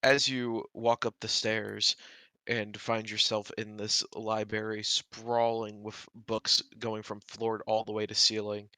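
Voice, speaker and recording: A male game master narrates a tabletop game in a relaxed way, with plenty of fillers. His voice is fairly low but bright and forceful. He is recorded close and dry. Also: slow, dry recording.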